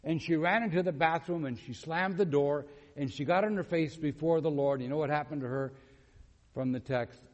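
A man with a fairly high voice preaches a sermon at normal speed, telling a story, acting out the quotes and asking the congregation questions. The lo-fi recording carries a long hall reverb.

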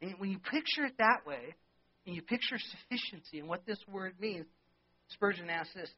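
A middle-aged male pastor delivering a sermon, emphatic, with rhetorical questions and swings between loud and soft. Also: high-pitched, normal speed, slightly rough. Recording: dull lo-fi sermon recording.

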